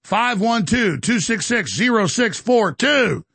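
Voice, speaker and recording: A man hosting a talk radio show with a gravelly voice and a bombastic, rapid-fire delivery. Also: high voice, animated, fairly bright tone, no room sound. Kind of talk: fast-paced talk radio monologue.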